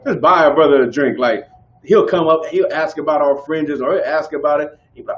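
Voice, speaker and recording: A man teaching a group in casual preaching style, animated and conversational, often asking whether listeners follow. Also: fairly high pitch, brisk, lo-fi sound, slight background noise. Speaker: street teacher.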